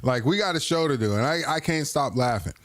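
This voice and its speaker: A man's voice: mid-range voice, lively intonation, brisk, fairly bright tone, no room sound. A man hosting a live stream, reacting to clips with crude, playful jokes and frequent laughter. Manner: playful, keeps breaking into laughter; crude joking banter. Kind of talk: casual reaction commentary.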